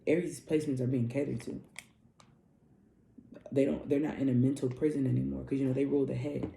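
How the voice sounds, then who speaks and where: A woman's voice: rumbling low, level tone, fairly quick, vocal fry, dark tone, a little hiss or hum. A woman spiritual coach giving a casual astrology reading, loose and profane, repeating herself like a preacher. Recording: roomy echo.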